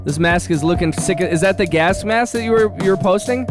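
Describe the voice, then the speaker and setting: A man hosting a music production livestream, chatting casually in an upbeat, rambling way, giving quick shout-outs and restarting his sentences. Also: high-pitched. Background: his own beat playing.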